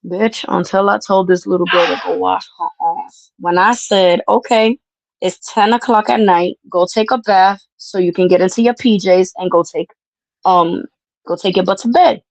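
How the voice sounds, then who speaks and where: A woman hosting a casual talk show, telling a family story in a brash, profane and animated way. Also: on the low side, moderate pace, creaky, no room sound, rough recording. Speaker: podcast host.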